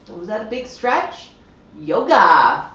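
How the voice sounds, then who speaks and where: Slow-talking woman in an echoey room. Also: fairly low pitch. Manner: chatty, explains bird behavior while talking to her parrots. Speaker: livestream host with pet parrots. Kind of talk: casual livestream chat. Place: home room with parrots. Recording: echoey, slightly dull lo-fi sound.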